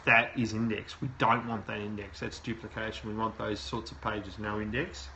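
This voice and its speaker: A man's voice: fairly low pitch, little pitch movement, normal speed, gravelly, bright, forceful tone, a little hiss or hum, low-quality recording. A man hosting a live show, reviewing a website aloud and giving plain, direct advice. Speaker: SEO consultant host. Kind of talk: live website review, talking while browsing.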